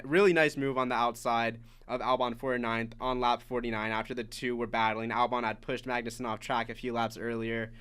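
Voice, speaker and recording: A man talking through a race recap on a casual podcast, loose and chatty, leaning on "like" as he goes. His voice comes across smooth and resonant, at a middle pitch. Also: a bit bright. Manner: chatty, many "like" fillers, recapping laps. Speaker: podcast co-host.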